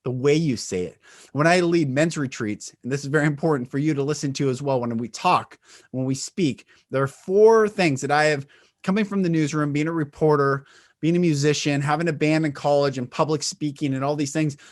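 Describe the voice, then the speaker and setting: A man giving an earnest, inspirational spiritual talk. He shifts his pitch, volume and pace to show how a voice can change a message, and laughs lightly now and then. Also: a little fast. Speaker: speaker and retreat leader.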